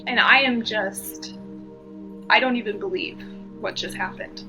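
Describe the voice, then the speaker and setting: A woman's voice: medium pitch, measured pace, music in the background. A woman from the US East Coast, a podcast guest, telling a personal story earnestly and with feeling, repeating phrases for emphasis.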